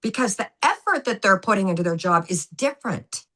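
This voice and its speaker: Bright, animated woman telling stories. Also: mid-range voice, brisk. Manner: animated, emphatic storyteller who acts out quotes. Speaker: guest, former gymnastics coach. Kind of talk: storytelling in a podcast interview.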